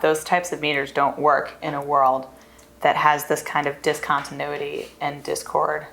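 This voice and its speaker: A woman's voice: deep voice, vocal fry, fairly bright tone, a little hiss or hum. A woman in a seminar discussion, speaking reflectively about a poem. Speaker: seminar participant.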